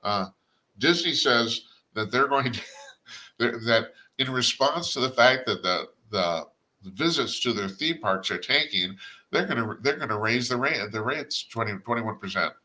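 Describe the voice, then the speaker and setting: A man's voice: medium pitch, lively intonation, a little slow, sharp tone. An older man hosting a talk radio show, giving a blunt, rambling opinion monologue with chuckles and restarts.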